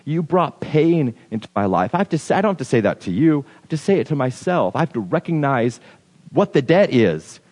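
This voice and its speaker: A man's voice: medium pitch, very animated, fairly quick, darkish tone, big-room sound. A man preaching a sermon in a conversational way, acting out the objections of his listeners. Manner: conversational, acts out imagined objections.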